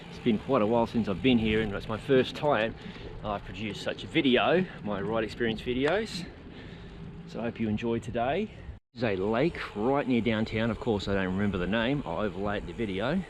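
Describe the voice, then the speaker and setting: A man's voice: fairly low pitch, fairly quick. A man, chatting casually to his viewers as he rides his bike along rural roads, filming himself on a camera mounted to the bike. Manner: chatty, talks to dogs and viewers while riding. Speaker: cycling vlogger. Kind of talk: casual ride vlog narration. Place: outdoors on rural roads while riding a bike. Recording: noisy outdoor camera audio.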